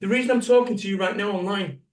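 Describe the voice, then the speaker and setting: Talking fast, a Salford motivational speaker in his fifties hammers his audience with rhetorical questions in a blunt, swearing keynote. His voice is a bit high for a man, and it reaches the mic from afar in an echoey hall.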